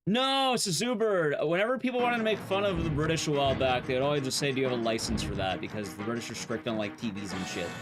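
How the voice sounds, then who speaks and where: Over game music, a speedrunner gives casual live-stream commentary, rambling to his chat with plenty of profanity. His fairly high voice is lively and fast, with hardly any pauses.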